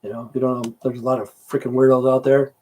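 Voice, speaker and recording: A man's voice: medium pitch, level tone, fast talker, a little mellow. A middle-aged man chatting casually on a livestream, answering viewers' comments, rambling, swearing and losing his train of thought. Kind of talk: casual live-stream chat.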